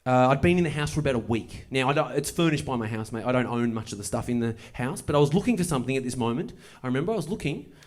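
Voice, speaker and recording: A male stand-up comedian. He tells a long story on stage with dry, deadpan timing and then climbs into excited bursts. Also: mid-range voice, racing, few pauses. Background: audience laughter.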